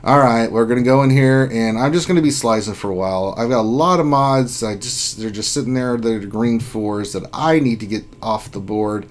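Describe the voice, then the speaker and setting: A man's voice: mid-range voice, normal speed, few pauses. A man hosting a casual gaming livestream, reading viewers' names aloud in an upbeat, jokey way. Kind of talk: casual live-stream chat.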